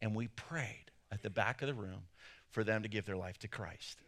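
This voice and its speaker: A man preaching a sermon, telling a story in an animated way and acting out quotes with sudden loud jumps. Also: fairly low pitch, moderate pace. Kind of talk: sermon with personal anecdotes.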